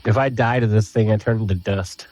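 A man's voice: lowish voice, fairly even intonation, a little fast, darkish tone, poor audio. A man playing a tabletop role-playing game, chiming in with wry remarks. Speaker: player. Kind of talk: casual tabletop play.

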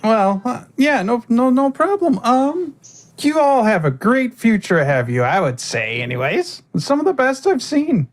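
A man voicing a cheerful, busy woman who trains adventurers, talking in a bubbly, halting way. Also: very high voice, sing-song, pitched above the performer's own voice. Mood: chipper.

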